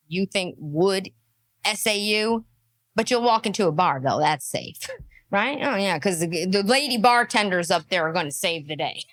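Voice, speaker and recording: A woman's voice: mid-range voice, a bit bright, dry recording, clean studio sound. A woman giving mocking, exasperated reaction commentary.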